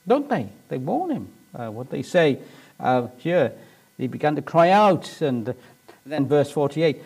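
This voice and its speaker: Animated male preacher. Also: a little high, unhurried, gravelly, slightly rough. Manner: animated storytelling, rising to emphatic shouts. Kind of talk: sermon.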